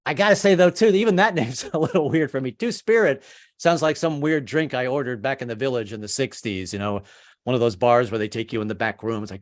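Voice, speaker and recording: A man in his fifties doing a stand-up comedy set, stammering and self-deprecating, with sudden high put-on voices for other people. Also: fast.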